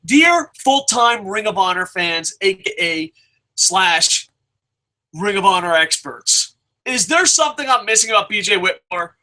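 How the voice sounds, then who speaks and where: A man's voice: high-pitched, expressive, measured pace, bright, forceful tone, low-quality recording. A man reviewing a wrestling show in a casual, rambling rant, swearing heavily and jumping between thoughts. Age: adult with a son.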